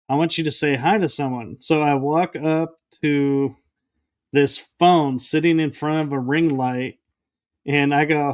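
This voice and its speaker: Male podcast guest, slow and measured, smooth clear voice, acts out quotes. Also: fairly high pitch. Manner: animated, acts out quoted dialogue. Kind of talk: casual storytelling interview.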